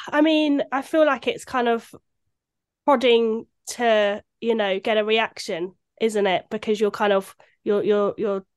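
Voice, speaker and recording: Female co-host, mid-pitch, tentative and thoughtful. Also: clean tone. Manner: hesitant, searching for words. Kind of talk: casual chat.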